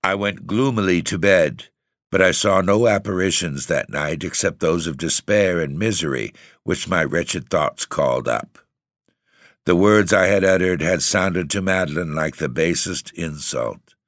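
A man narrating a story in a measured, formal manner. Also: low voice, a bit bright, dry recording, studio quality. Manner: measured, formal, old-fashioned phrasing. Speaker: audiobook narrator. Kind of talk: scripted narration.

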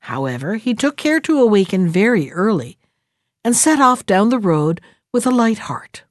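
A librarian reading a folktale aloud in a lively, expressive storytelling style. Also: female voice, mid-range voice, moderate pace, no echo, studio quality. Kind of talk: storybook read-aloud narration.

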